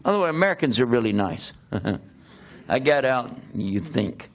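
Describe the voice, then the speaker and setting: An older man, a preacher, telling a humorous personal story in an animated, self-mocking way, often laughing as he talks. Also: mid-range voice, measured pace.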